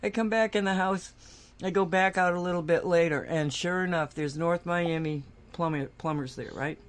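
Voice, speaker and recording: A woman's voice: on the low side, fairly even intonation, moderate pace. A woman co-hosting a radio talk show, telling a long anecdote in casual chat and laughing often. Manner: chatty storytelling, laughs often.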